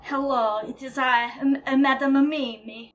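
A theatrical old psychic medium, as a woman puts her on for a comedy podcast. The voice sits high. She intones slow, hammy mystical pronouncements about spirits. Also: steady tone, a bit bright, muffled recording.

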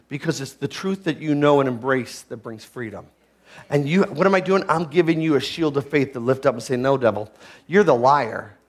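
High-voiced preaching man. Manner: swings from shouted high peaks to low hushed teaching; asks the listeners rhetorical questions. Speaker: pastor. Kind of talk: sermon.

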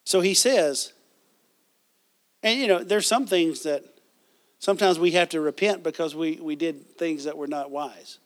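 A man's voice: a little high, measured pace, long pauses. A man preaching a sermon as pastor, reading scripture and asking the congregation questions, with frequent restarts.

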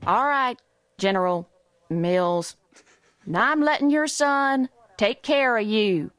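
A man's voice: extremely high pitch, slow, a bit bright, clear, resonant tone, no room sound, pitched above the performer's own voice, exaggerated voice. A man imitating a condescending female police officer with a Texas accent, talking to someone as if to a child.

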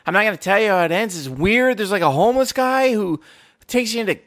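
A man in casual chat, rambling and animated as he tells stories, swearing freely. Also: sits high, fast.

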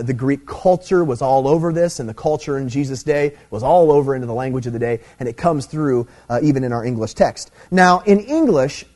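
A man's voice: medium pitch, warm tone. A middle-aged man preaching a sermon, teaching emphatically and checking in with "okay?" as he goes. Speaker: pastor.

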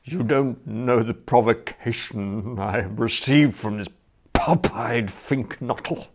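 A man voicing a large, cowed bully in an audiobook reading, hushed and sulky, at times half-whispered. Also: medium pitch, takes it slowly.

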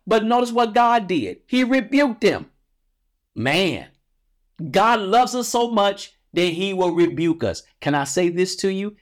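Emphatic preaching man, fairly high voice. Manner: emphatic preaching with repetition and swings in pitch. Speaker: podcast host. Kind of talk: preaching devotional podcast.

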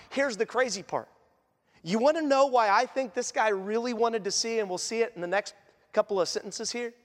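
Pastor, male, high voice, chatty preaching style, long church-hall reverb. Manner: asks the congregation questions and acts out quotes. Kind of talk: conversational sermon.

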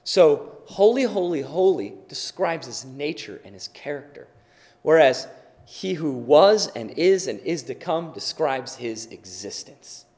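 A man's voice: fairly high pitch, big pitch swings, unhurried. Emphatic male preacher in a reverberant hall. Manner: emphatic, repeats words for stress, swings between loud and soft. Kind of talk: sermon.

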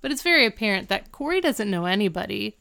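A woman's voice: medium pitch, sing-song, fast talker, creaky, a crowd in the background. A woman in casual chat, retelling a sitcom scene with lots of quoted lines and filler words. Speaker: podcast co-host recapping a sitcom episode.

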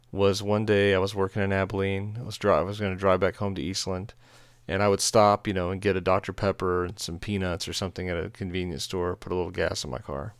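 A man's voice: sits low, smooth, no room sound, clean studio sound. A man from Texas, a pastor, chatting casually and telling rambling, self-deprecating stories. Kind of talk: casual chat.

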